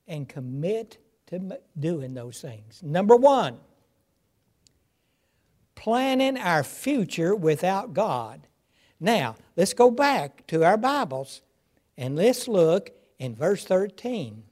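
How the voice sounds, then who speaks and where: An older man delivers a sermon at a slow, measured pace. He leans hard on key phrases and repeats them for emphasis. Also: high voice, big pitch swings, darkish tone. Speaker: preacher.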